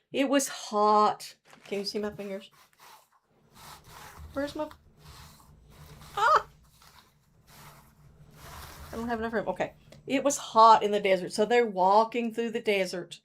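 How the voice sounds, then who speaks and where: In a church, a woman with a slightly high voice leads a children's story hour. She retells a story, acting it out with her fingers, and shows a craft.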